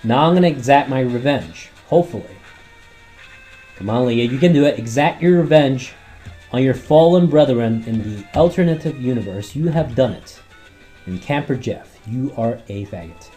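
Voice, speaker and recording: A man commentating his gameplay run, rambling and swearing often, his throat worn from yelling at the screen. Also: medium pitch, animated, moderate pace, faint music behind. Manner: rambling, heavy swearing, talks back at the game. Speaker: let's play host.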